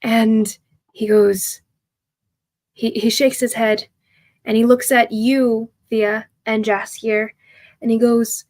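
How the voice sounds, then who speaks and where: Woman, game master, tabletop narration, flat delivery, slow, halting. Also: on the high side. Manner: halting narration with frequent fillers and restarts.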